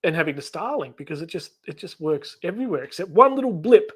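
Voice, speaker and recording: A man's voice: a little high, sing-song, fast, fairly bright tone, breathy edge. An Australian man hosting a casual live stream chat, talking easily, laughing often and acting out little dialogues as he tells stories. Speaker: channel host.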